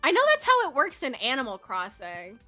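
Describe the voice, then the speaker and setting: A woman's voice: high-pitched, huge pitch swings, fairly quick, sharp tone. A young woman streaming a farming game, chatting casually with her viewers, giggling often and talking while she eats. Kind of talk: casual chat while playing. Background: faint game music.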